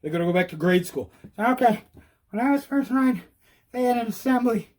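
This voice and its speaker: A man giving an animated, repetitive how-to talk while riding outdoors, out of breath. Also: very high-pitched, a little fast. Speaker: e-bike vlogger. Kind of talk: casual instructional talk.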